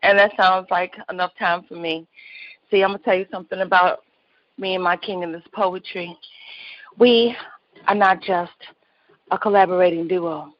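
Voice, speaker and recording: A woman guest poet talking in a casual, animated way. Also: on the low side, moderate pace, long pauses, no echo. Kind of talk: casual chat. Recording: muffled lo-fi call audio.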